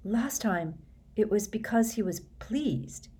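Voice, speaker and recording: A woman's voice: expressive, takes it slowly, mellow, husky, heavily acted. A woman voicing a troubled teenage boy wizard in a storybook reading, speaking grimly and tersely. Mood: uneasy. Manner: grim, short and low-key.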